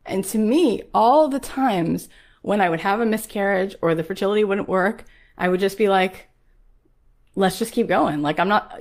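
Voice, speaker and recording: A woman in her forties, a podcast host, telling a personal story to her listeners in an earnest, emotional way, often asking "right?" and saying "like". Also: mid-range voice. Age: 40s. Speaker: podcast host and business coach.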